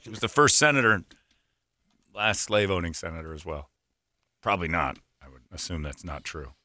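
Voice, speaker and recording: A man's voice: low-pitched, expressive, moderate pace, bright, forceful tone, no echo. A man hosting a morning radio show, joking sarcastically with his co-host and reading sponsor plugs. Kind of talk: casual morning radio banter. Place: radio studio.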